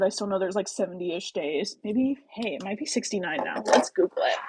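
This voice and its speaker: A woman's voice: mid-range voice, darkish tone, slightly rough, no echo, rough recording. A young woman with a general American accent, hosting a casual book club livestream, rambling and swearing freely with lots of fillers. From American Midwest.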